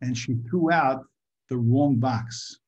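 A man giving an informal Torah talk to a group, halting and repeating his words, sometimes asking the audience questions. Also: medium pitch, darkish tone. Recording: muffled lo-fi recording.

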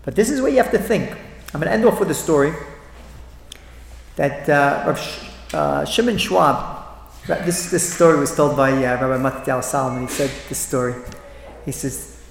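Animated man speaking in an echoey hall. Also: fairly high pitch, normal speed, gravelly, long pauses, slight background noise. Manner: animated, repeats phrases, acts out quoted voices. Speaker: speaker at a religious talk. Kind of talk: inspirational talk with storytelling. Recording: echoey hall with long reverb.

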